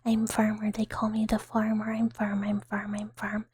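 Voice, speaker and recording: A young adult woman streamer in a whispered ASMR chat, rambling playfully in soft unvoiced whispers and giggling. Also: medium pitch, monotone, normal speed, husky.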